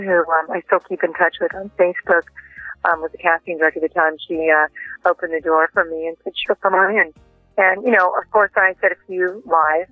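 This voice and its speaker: A woman's voice: lowish voice, no room sound. A woman telling stories down a phone line. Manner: lively anecdotes with acted-out quotes. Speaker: interview guest. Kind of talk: casual interview storytelling.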